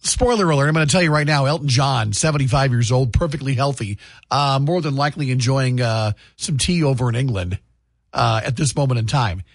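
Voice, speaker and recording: A man's voice: medium pitch, fairly quick, dry recording, studio quality. A man, hosting a morning radio show and chatting about his family in an upbeat way. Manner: chatty, upbeat, tells home stories. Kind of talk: morning radio chat and announcements. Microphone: studio microphone, dry booth.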